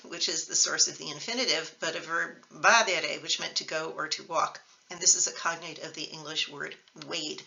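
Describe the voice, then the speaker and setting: A woman records a teaching video, walking through each point patiently and clearly, with the odd filler as she goes. Her voice is very bright, sitting a little low for a woman. The recording sounds slightly dull and lo-fi. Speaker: Spanish teacher.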